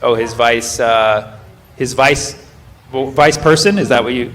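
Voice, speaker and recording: A man in his thirties, a stand-up comedian doing loose crowd work, riffing and firing quick questions at the audience from the stage. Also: medium pitch, background noise. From United States.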